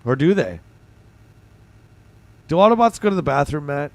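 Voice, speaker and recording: A man's voice: a little high, very animated, moderate pace, gravelly, pauses often, dry recording. A man from Canada with a Canadian accent, hosting a livestream and chatting casually while reading and answering his chat. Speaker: streamer host.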